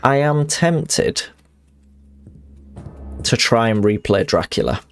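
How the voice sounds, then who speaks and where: A man's voice: mid-range voice, animated, slow pace, soft background music. A man streaming a video game, chatting casually and reading in-game letters aloud, rambling and self-deprecating with frequent restarts.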